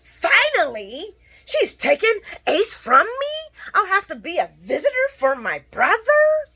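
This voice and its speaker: A woman voicing an angry young man, shouting in a high, strained voice as she retells a soap scene. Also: huge pitch swings, unhurried, exaggerated voice. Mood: outraged.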